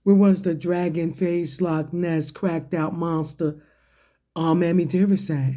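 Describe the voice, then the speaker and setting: With a fairly high, steady and warm voice, a man rants profanely at his viewers. He questions and mocks a target piece by piece, using deliberate pacing and pointed questions in his commentary to camera.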